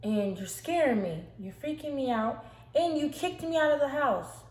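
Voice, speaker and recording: A woman's voice: medium pitch, normal speed, dark tone, lightly acted. A woman doing a scared, tense young woman. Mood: scared, fed up. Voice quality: tense, pleading, raised voice. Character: scared young woman trying to stay calm. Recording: echoey room, faint hiss.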